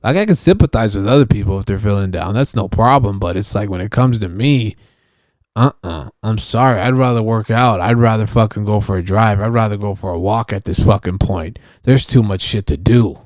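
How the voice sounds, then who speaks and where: A man's voice: fairly low pitch, a little mellow, dry recording, clean studio sound. A young man ranting on his solo podcast in a casual, profane, rambling way, often restarting his sentences. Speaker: podcast host.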